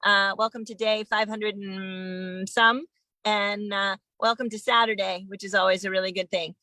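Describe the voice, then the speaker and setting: A woman hosting an online sing-along, warmly greeting viewers one by one over a phone video call. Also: medium pitch, steady tone, moderate pace, no echo, poor audio. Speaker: host.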